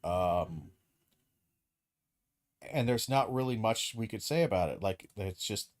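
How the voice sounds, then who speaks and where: A man's voice: fairly low pitch, expressive, takes it slowly. Heated, profane male streamer ranting. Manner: acts out hypothetical dialogue in quoted voices. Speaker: streamer host. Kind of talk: live stream commentary.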